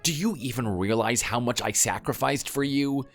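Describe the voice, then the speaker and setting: A man's voice: mid-range voice, moderate pace, faint music behind, lightly acted. A man voicing a defensive husband clinging to his marriage, in a pleading, insistent manner. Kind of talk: scripted dialogue drama.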